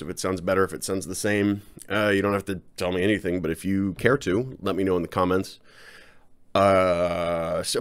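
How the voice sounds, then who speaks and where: A man talking casually to his viewers in a personal vlog, rambling and self-deprecating, halting often with fillers. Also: sits low. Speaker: channel host.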